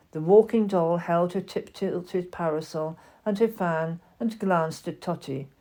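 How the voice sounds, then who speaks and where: Woman, audiobook reader, mellow warm tone, lowish voice, gentle storybook narration. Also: unhurried, hardly any pauses.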